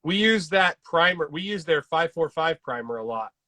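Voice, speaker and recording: A man's voice: on the high side, lively intonation, moderate pace, sharp tone, no echo. A young man from Kansas hosting a casual interview, eager and enthusiastic. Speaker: host.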